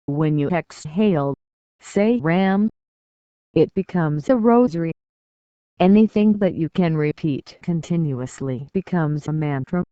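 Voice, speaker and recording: A man reading a spiritual discourse as an audiobook, in a measured, deliberate way with long pauses between short phrases. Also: fairly high pitch, a little mellow, smooth, no echo. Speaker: audiobook narrator. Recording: dull, slightly muffled dry recording.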